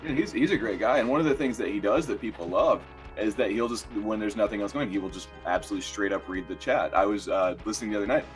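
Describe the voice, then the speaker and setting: A man's voice: lowish voice, fast, few pauses, faint music behind, low-quality recording. A man hosting a casual livestream chat, loose and profane, reading out viewer messages. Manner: loose and profane, reading super chats aloud.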